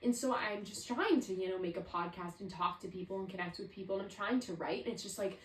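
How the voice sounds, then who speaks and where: Here a woman in her 20s talks fast in a mid-range voice, reflecting aloud on her solo podcast and peppering her rambling with "like." The audio is poor, with a roomy sound from a mic placed far away.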